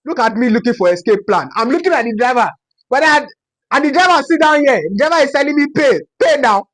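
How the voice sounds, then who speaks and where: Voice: high-pitched, fast, fairly bright tone. A young adult from Nigeria with a Yoruba-inflected Nigerian accent, telling a personal story in a casual, dramatic way and repeating phrases for effect. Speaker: storytime vlogger.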